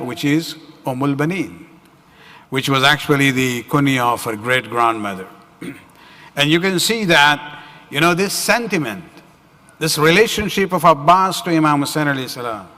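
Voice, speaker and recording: A man's voice: fairly high pitch, sharp tone. A man giving a religious lecture at a community center, telling a story with frequent "you know" and "uh" fillers. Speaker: religious speaker. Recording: reverberant hall.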